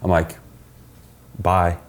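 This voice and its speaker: A middle-aged man, a podcast guest, telling stories in casual chat, profane and animated as he acts out what people said. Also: low-pitched, drawn-out words. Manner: profane, animated storyteller acting out quoted dialogue.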